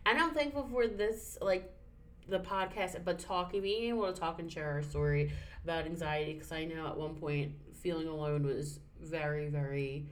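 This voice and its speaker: A woman's voice: low voice, steady tone, normal speed. A woman co-hosting a casual podcast, talking in a heartfelt, emotional way. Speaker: podcast co-host. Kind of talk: casual chat.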